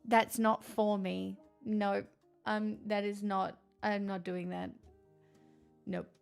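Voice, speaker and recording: A woman streaming and chatting with her viewers in a loose, rambling way, with frequent laughs and the odd curse. Her voice has a gravelly, fry-heavy edge and sits in a mid register. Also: mid-range voice, level tone, takes it slowly, soft background music. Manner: candid and rambling, swears, laughs often. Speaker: live streamer reading chat. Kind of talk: casual chat.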